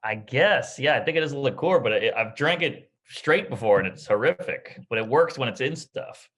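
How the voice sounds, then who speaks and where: A man's voice: medium pitch, lively intonation, moderate pace, a bit bright. A man co-hosting a casual drinking podcast, wry and laid-back, tossing in jokes. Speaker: podcast co-host.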